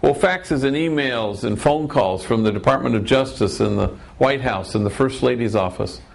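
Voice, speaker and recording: A middle-aged priest speaks with a gravelly edge at a middle pitch. He tells his anecdote in a wry, storytelling way and stacks up short, punchy lists. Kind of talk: storytelling talk.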